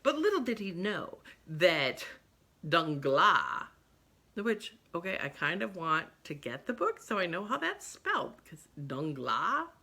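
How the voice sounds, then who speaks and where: A woman's voice: fairly low pitch, big pitch swings, a little slow, pushed and bright, breathy edge. A middle-aged woman chatting casually about books, rambling and going off on tangents. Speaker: book vlogger. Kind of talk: casual book chat.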